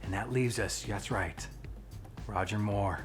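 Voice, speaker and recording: A man hosting his own vlog, chatting casually in a playful, animated way and joking about his strong opinions. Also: on the low side, a little slow, over music. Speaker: vlogger and channel host.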